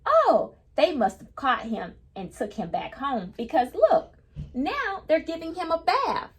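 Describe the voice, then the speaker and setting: A woman with a high-pitched voice, big pitch swings, and a slightly slow pace reads a picture book aloud to children. In this read-aloud lesson she patiently pauses to explain each new word in simple terms.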